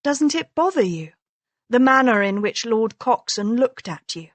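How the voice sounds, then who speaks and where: Clever, quick-tongued young noblewoman, as a woman narrator puts her on in a storybook reading. She speaks arch and teasing, in slow, measured phrases. The sound is close and dry. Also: a little high, big pitch swings, dry recording. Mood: earnest. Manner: arch, teasing, mock-concerned.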